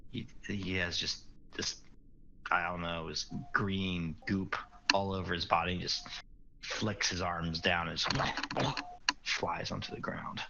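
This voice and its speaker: A man's voice: deep voice, little pitch movement, unhurried, creaky, noisy background. A man playing a tabletop game, describing his character's actions in a rambling, casual way on a dull lo-fi recording. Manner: rambling, many restarts.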